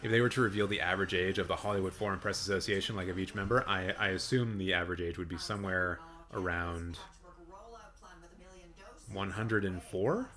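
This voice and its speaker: A man with a deep, raspy, hoarse voice, chatting casually and rambling a little as he live-streams his reactions to an awards show on a good mic. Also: fairly even intonation, fairly quick, pushed and bright. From Canada. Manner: chatty, rambling, with fillers and restarts. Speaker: film channel live streamer. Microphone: good studio mic.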